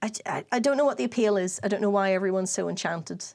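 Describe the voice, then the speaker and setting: A woman from Northern Ireland with a Northern Irish accent, co-hosting a casual whiskey podcast chat in an animated, emphatic, sweary way. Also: medium pitch, fast talker, creaky. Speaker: podcast co-host.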